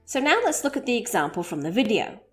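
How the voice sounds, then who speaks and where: A woman teaching an English expression, speaking clearly and modelling phrases slowly for learners to repeat. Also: mid-range voice, very animated, faint music behind. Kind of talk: scripted English lesson.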